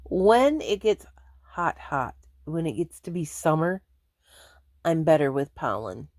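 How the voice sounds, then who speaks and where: A woman's voice: low-pitched, sing-song, a little slow, a little mellow, no echo, studio quality. A woman chatting casually to her viewers from home, rambling and laughing often. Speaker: vlogger. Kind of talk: casual chat to camera.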